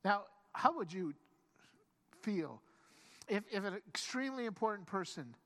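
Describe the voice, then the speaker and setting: Pastor, mid-pitched, lively sermon storyteller who acts out quotes and restarts phrases. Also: measured pace. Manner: frequent stammered restarts.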